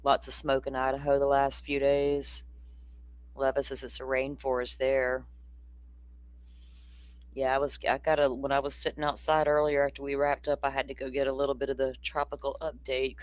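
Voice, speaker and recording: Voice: medium pitch, flat delivery, normal speed, no room sound. A livestream host, chatting loosely and rambling while reading out viewer comments. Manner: loose and informal, with a casual swear. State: hiccups. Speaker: true-crime livestream host. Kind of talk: casual livestream chat.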